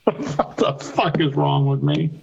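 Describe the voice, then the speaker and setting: A man's voice: on the high side, lively intonation, slow pace, vocal fry, background noise. Man talking over a lo-fi phone line. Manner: profane, joking, laughs often. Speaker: podcast co-host. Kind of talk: casual chat.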